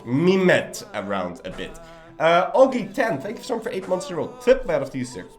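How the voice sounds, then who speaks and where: A man's voice: a little high, sing-song, a little fast, soft background music. A young man casually chatting while live-streaming a strategy game, rambling and joking and swearing freely.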